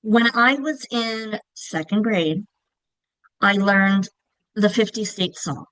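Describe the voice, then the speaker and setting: A woman giving a casual, clear instructional presentation on reading, stretching example words to show emphasis. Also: mid-range voice, takes it slowly, a bit bright, no room sound, poor audio. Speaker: literacy teacher trainer.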